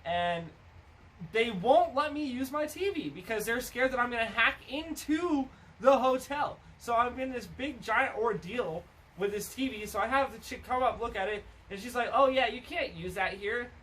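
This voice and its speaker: High, bright-voiced crude storyteller man. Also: normal speed. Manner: crude, rambling storyteller who swears a lot. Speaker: podcast co-host. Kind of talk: casual stoner chat. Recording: distant mic with faint noise.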